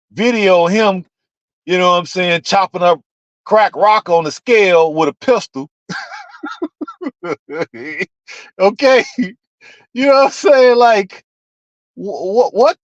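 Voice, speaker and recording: A vlogger ranting to viewers in an animated, profane way, laughing often. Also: medium pitch, dry recording, muffled recording.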